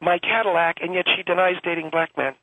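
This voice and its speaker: A man's voice: high voice, fairly even intonation, fast talker, narrow, tinny audio, pitched above the performer's own voice. A man voicing a smug, prim middle-aged woman who runs a homeowners association, talking down to a caller with mock sweetness on a comic call-in show. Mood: smug, condescending. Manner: condescending, bigoted, mock-sweet. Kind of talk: comic radio character call-in.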